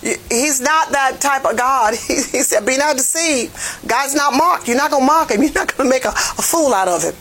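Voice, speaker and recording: Woman bible teacher preaching, folksy and fired up, kinda breathy higher voice. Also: expressive, moderate pace, rough recording. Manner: fervent, call-and-response preaching that swells to near-shouts; folksy, plain-spoken phrasing. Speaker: jail ministry Bible teacher.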